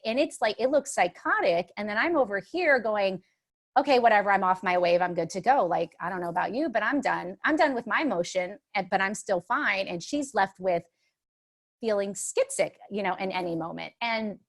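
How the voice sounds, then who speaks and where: A middle-aged woman speaking as a panelist on a motherhood livestream, talking in an expressive, emotional way with many restarts. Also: mid-range voice. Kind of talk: casual spoken talk.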